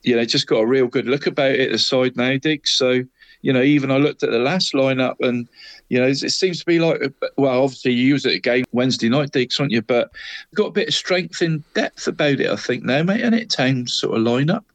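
Co-hosting a local football podcast, a man talks briskly in a medium-pitched voice with no echo. He rambles through casual football chat, tacking "mate" and "Deeks" onto his lines nonstop.

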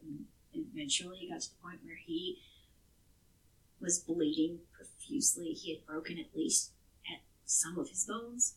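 A woman's voice: fairly low pitch, creaky, fairly bright tone, recorded from a distance, rough recording. A woman co-hosting a podcast, telling a true crime case in a casual, chatty way with some swearing. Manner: chatty, swearing, restarts words.

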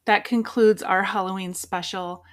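A woman's voice: mid-range voice, fairly even intonation, unhurried. A woman podcast host thanking her guest and addressing listeners in an earnest closing appeal. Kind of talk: podcast outro.

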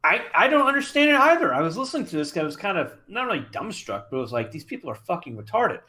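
A man's voice: high-pitched, sing-song, rapid-fire, bright, forceful tone. Podcast co-host guy, thirties, rambly and repetitive, lots of ums. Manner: rambling, repeats words, many fillers. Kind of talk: casual chat.

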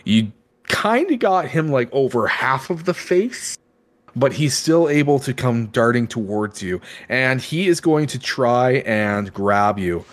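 Casting: male game master, playful scene narration, mid pitch. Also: expressive, unhurried. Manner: playful, describing action scenes.

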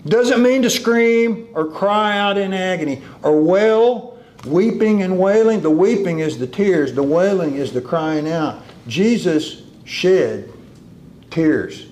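A man preaching a sermon, drawing out key words slowly and dropping into a low hush for emphasis. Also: lively intonation.

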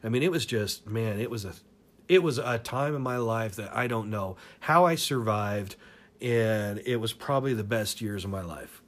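A man's voice: fairly low pitch, normal speed. Rambling, foul-mouthed male storyteller. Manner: rambling, profane, laughs through his stories. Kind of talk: casual crude storytelling.

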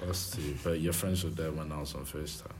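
A young man, talking in an animated way and ranting in a casual group chat. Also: very deep voice, quick pace. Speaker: podcast co-host.

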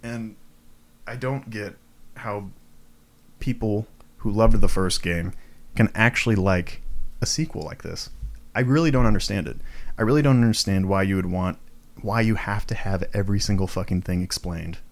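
Young man, podcast host, solo rant, low-ish voice, swears a lot, lots of fillers. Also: moderate pace. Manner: ranting, swears freely, frequent fillers and self-mocking asides. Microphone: home recording setup, tripod for video.

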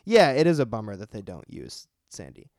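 A man's voice: fairly low pitch, huge pitch swings, fairly quick, a little mellow, no room sound, clean studio sound. A man with a Southern US accent co-hosting a podcast in casual chat, rambling with fillers and laughs. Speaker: podcast co-host.

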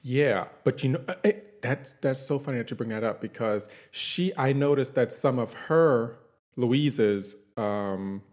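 A man's voice: medium pitch, measured pace, darkish tone. A man chatting casually, recapping a TV series in a rambling, easygoing way with many fillers. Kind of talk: casual chat.

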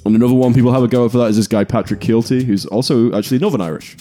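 A young man co-hosting a casual comedy podcast, laughing often and telling animated stories. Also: medium pitch, rapid-fire, faint music behind. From Britain. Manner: laughs a lot, animated storytelling with put-on character voices. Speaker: podcast co-host.

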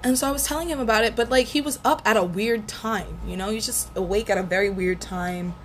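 A young woman in her twenties tells a personal breakup story with blunt, profane candor and lots of animation. Her voice sits at a middle pitch. There is a faint hiss of background noise behind her. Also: fairly quick. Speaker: vlogger. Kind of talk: casual storytelling.

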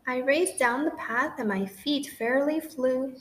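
A woman reading a rhyming children's picture book aloud in an expressive, sing-song way. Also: sits high, measured pace. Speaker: storybook reader. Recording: roomy echo with faint noise.

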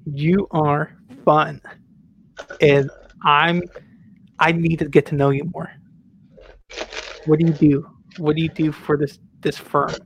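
A man voicing a smooth-talking male artist who gushes flattery at everyone he meets. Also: fairly high pitch, takes it slowly, long pauses, slight background noise, full character voice. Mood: flattering. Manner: gushing, flattering.

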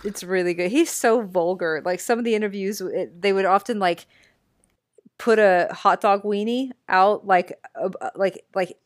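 A woman's voice: medium pitch, normal speed, no room sound. A young woman co-hosting a casual podcast, laughing often and swearing freely. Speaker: podcast co-host. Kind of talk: casual chat.

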